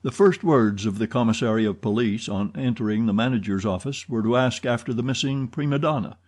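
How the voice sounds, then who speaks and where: A man narrating a classic novel as an audiobook, in steady, even storytelling. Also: mid-range voice, a little fast. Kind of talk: scripted narration.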